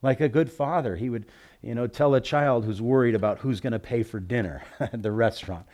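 A man's voice: mid-range voice, brisk. Preaching man reading scripture aloud. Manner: swings from loud scripture reading to quiet reflective asides; reads Bible passages aloud with emphasis. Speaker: pastor. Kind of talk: sermon.

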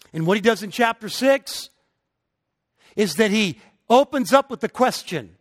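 A middle-aged male pastor delivers a sermon in a notably high voice. He speaks with emphasis and pushes hard on his key points. He sounds like a preacher leading a congregation through his message. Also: animated, slow pace. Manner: emphatic, rising to forceful peaks.

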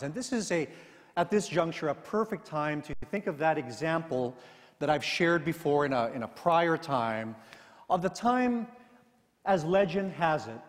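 Measured preacher in an echoing sanctuary. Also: male voice, on the high side. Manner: measured, deliberate delivery. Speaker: pastor. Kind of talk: sermon with scripture reading and storytelling.

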